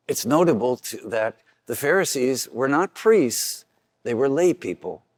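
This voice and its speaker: A man's voice: a little mellow, no echo, studio quality. Earnest man preaching a homily. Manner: earnest preaching, acts out quoted voices with rising pitch. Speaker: priest.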